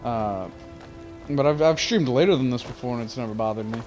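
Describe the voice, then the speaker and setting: Young male streamer, sleepy, loose rambly chat full of "uh"s, mid-pitch. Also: brisk, a little mellow, soft background music. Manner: rambling, swearing, frequent fillers. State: yawning, tired. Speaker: game streamer. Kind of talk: casual gameplay commentary.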